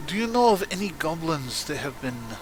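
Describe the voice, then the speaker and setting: A man playing a polite adventurer who greets a stag formally and pauses often with fillers. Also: on the high side, sing-song, noisy background. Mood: courteous. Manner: courteous, formal, halting with fillers.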